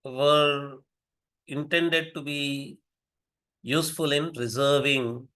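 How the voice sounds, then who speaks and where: Slow, deliberate man lecturing. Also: fairly high pitch, steady tone, pushed and bright. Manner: slow, deliberate, repeats phrases for emphasis. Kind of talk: academic lecture.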